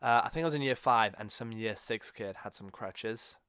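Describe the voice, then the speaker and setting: Smooth-voiced podcast host, rambling. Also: male voice, lowish voice, normal speed, a bit bright, no room sound, clean studio sound. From England. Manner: rambling storyteller, self-correcting as he goes. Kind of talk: casual chat.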